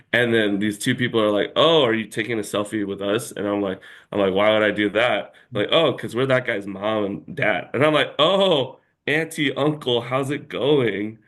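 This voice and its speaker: A man's voice: lowish voice, fairly bright tone. A man telling a long story as an interview guest in a casual chat, rambling and packed with filler words.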